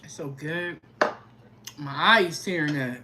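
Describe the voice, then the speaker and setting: Slow, chatty woman eating on stream. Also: low-pitched, background noise. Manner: relaxed, chatty, savoring food with hums. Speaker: food vlogger. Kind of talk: casual mukbang livestream chat.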